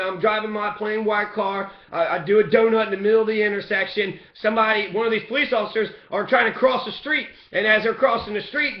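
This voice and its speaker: A man giving impassioned personal testimony, talking in a profane, rambling way and growing loud and heated. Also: sits high. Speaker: person recounting a police beating. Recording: echoey, dull room recording.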